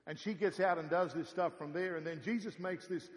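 A male pastor preaching a sermon, telling a story with lively swings from loud to soft. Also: fairly high pitch, a little fast, in a large hall. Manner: animated storytelling, rising and dropping in volume.

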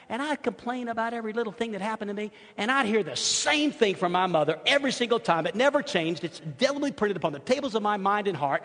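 A male pastor telling stories in a sermon, swinging from soft asides to loud, excited outbursts. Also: extremely high pitch, fast. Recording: long hall reverb.

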